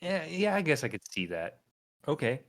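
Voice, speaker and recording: A man's voice: a little high, sing-song, moderate pace, a bit bright. Laughing man reading listener comments. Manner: laughs often, reads comments aloud. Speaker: podcast co-host.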